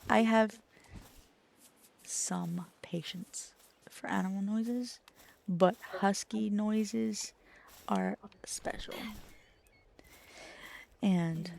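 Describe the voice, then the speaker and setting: A woman's voice: mid-range voice, vocal fry, a little hiss or hum. A young woman streamer chatting casually with her viewers, laughing often and swearing freely. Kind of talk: casual live-stream chat.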